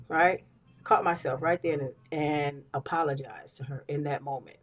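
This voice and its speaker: A woman's voice: sits low, moderate pace, soft background music, rough recording. A woman in her fifties talking casually while getting ready, telling stories animatedly and often repeating phrases and checking in with listeners. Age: 50s. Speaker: beauty vlogger. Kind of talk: casual get-ready-with-me talk.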